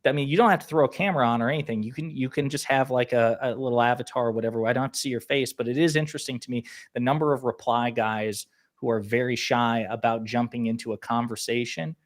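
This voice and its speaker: A man co-hosting a political talk show speaks in a measured, wry way, in casual conversation. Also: medium pitch, steady tone. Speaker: podcast co-host.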